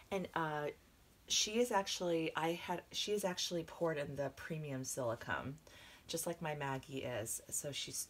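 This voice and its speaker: A woman vlogging an unboxing to her viewers, gushing and excitable, with a slight cough from a coming cold and moments where she drops to a hush. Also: sits low, a little hiss or hum. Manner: gushing, excitable, drifting into hushed whispers. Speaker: reborn doll collector vlogger. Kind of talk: unboxing vlog, talking to viewers.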